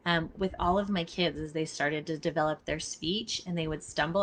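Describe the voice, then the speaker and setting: A woman's voice: fairly low pitch, steady tone, normal speed, hardly any pauses. A middle-aged woman giving a casual live teaching talk, earnest and emphatic, speaking straight to her listeners. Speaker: body mapping teacher. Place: outdoors near traffic.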